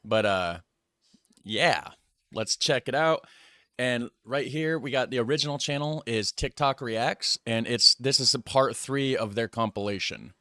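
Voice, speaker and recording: American man, reaction host, casual commentary, bright tone, dry close sound. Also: medium pitch, a little slow, no echo. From United States. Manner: chatty, musing aloud and hedging.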